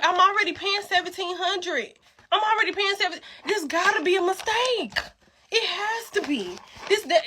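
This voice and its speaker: A woman venting in a loud, exasperated, slangy rant. Her voice is very high and sharp, and it breaks into shouting bursts. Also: a little hiss or hum. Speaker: tenant venting. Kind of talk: casual rant.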